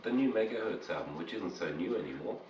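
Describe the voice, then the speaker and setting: A man co-hosting a casual chat over beers, animated and swearing freely. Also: low-pitched, fast, background noise. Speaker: podcast co-host. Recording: roomy, distant, dull home recording.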